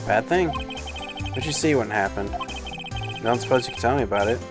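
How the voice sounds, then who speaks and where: A man's voice: medium pitch, normal speed, over music, natural voice. A man reading as a flustered young lawyer. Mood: awkward. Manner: awkward, earnest.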